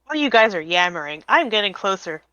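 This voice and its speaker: A woman's voice: mid-range voice, sing-song, fast talker, pushed and bright, no echo. A woman playing a tabletop game, talking bluntly and impatiently. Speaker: player.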